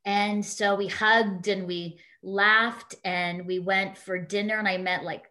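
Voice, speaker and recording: A woman's voice: mid-range voice, fairly even intonation, slow, pushed and bright. A woman guest in an interview, telling a personal story in an earnest, heartfelt way with frequent fillers.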